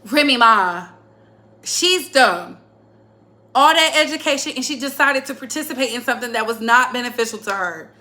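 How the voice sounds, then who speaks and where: A woman's voice: on the high side, lively intonation, normal speed, bright, forceful tone. A young adult woman hosting a casual music chat, playful and laughing often. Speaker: host.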